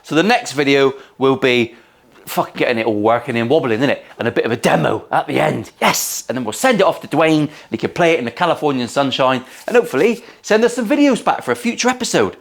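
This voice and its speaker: A man's voice: mid-range voice, animated, fast, creaky. A man with a West Country English accent, hosting a guitar-building vlog from his workshop in a cheeky, jokey way and swearing freely. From England. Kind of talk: casual, sweary workshop banter. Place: home workshop.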